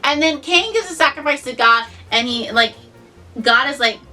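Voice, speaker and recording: A young woman vlogging to camera in a casual, sarcastic, animated way, swearing and saying "like" a lot. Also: high-pitched, moderate pace, far from the mic, soft background music.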